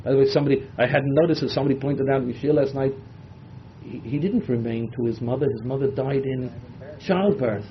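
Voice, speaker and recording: A man's voice: medium pitch, fairly quick. A man teaching a Bible class who mixes Hebrew and Yiddish words into his English and dramatizes the text with feeling. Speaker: Torah teacher. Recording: dull lo-fi lecture recording.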